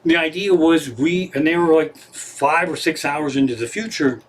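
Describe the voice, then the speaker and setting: A man's voice: fairly high pitch, normal speed. A middle-aged man, a comedian, telling a rambling, profane story in a casual live stream from his living room.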